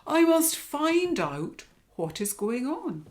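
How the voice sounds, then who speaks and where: Lady doing a storybook lion, bossy and serious, loud and slow, swoops up and down. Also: sits high, big pitch swings, voice pushed up, exaggerated voice. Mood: urgent. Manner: loud, urgent and declaiming. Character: grave commanding male lion leader.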